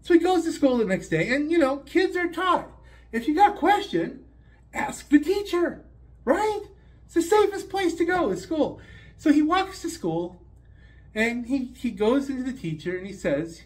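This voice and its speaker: Animated man in his fifties telling a joke. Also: very high-pitched, normal speed. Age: 50s. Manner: animated, rambling storyteller. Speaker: storyteller. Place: hotel room.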